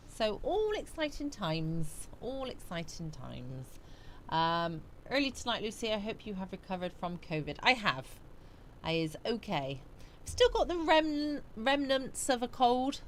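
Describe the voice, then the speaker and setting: A woman's voice: mid-range voice, a little hiss or hum. A woman from the West Country, hosting a live chat stream from a small home studio, sleepy and yawning as she greets viewers by name and answers their comments. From West Country, England. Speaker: livestream host.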